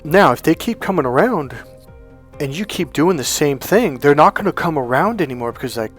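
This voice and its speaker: A man's voice: fairly high pitch, animated, a little fast, a bit bright, soft background music. A man coaching viewers in a casual monologue, acting out quoted dialogue as he tells stories. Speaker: life coach.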